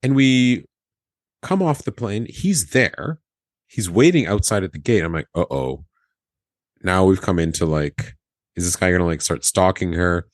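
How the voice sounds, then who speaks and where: Unhurried and sitting low in pitch, a former flight attendant tells a casual podcast story with no room sound. He acts out the dialogue animatedly and laughs often throughout.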